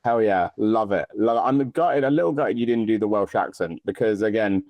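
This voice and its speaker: Male podcast host, low voice, upbeat, teasing, chatty, dry sound. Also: a little fast, darkish tone, no room sound. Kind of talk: casual interview chat.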